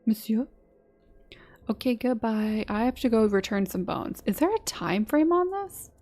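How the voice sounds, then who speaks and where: A woman's voice: fairly high pitch, big pitch swings, normal speed, darkish tone, faint music behind. A woman streaming a game, reading its dialogue aloud between chatty asides. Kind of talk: live-streamed gameplay commentary.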